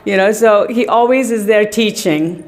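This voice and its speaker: A middle-aged woman with a mid-range, darkish voice speaks at normal speed as she shares personal stories in a tribute to her teacher. Her storytelling is chatty and anecdotal, full of fillers and frequent laughter.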